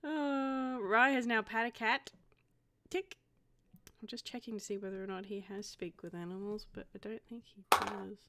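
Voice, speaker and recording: A woman's voice: medium pitch, fairly even intonation, moderate pace, bright, forceful tone, a little hiss or hum. A woman playing a tabletop game, describing her character's actions in a giggly, rambling way. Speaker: player. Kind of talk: tabletop game play, casual chat.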